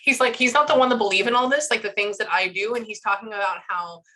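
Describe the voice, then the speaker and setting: A woman working as a psychic medium, chatting with a client in a lively, rambling way and often stopping herself mid-thought. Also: mid-range voice, fast talker, low-quality recording. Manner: chatty, animated, stops herself with frequent asides. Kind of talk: casual reading session with a client.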